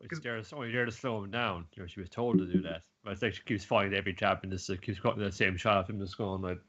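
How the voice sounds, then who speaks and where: A man co-hosting a casual anime podcast, breaking into loud shrieking impressions as he talks. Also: lowish voice, rapid-fire. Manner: lively, bursts into shrieking impressions. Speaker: podcast co-host. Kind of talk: casual chat about anime. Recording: muffled, lo-fi audio.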